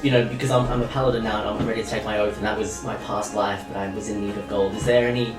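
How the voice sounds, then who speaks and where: A man's voice: fairly low pitch, little pitch movement, rapid-fire. A laid-back man at a tabletop game describes what his character does, easygoing and full of likes. He sounds roomy and distant, with music in the background. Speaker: player. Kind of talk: casual chat at a tabletop game.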